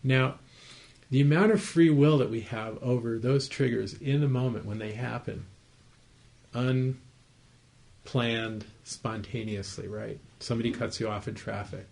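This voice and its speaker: Meditation teacher, male, mid-pitched with a gravelly edge, explains patiently and checks in with the room. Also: fairly even intonation, unhurried. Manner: conversational, gently explaining, asks the listeners to confirm they follow. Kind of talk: dharma talk to a group. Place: his home, small group room.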